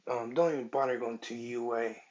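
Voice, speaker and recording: A man's voice: medium pitch, fairly even intonation, fairly quick, darkish tone, close to an everyday voice. A man voicing a sneering hot-tempered teen bully. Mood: taunting. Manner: taunting, contemptuous. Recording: dull lo-fi recording.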